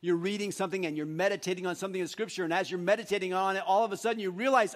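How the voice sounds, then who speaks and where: A man's voice: high voice, racing, few pauses. A male pastor preaching a sermon on meditation, with joking asides and voices he acts out.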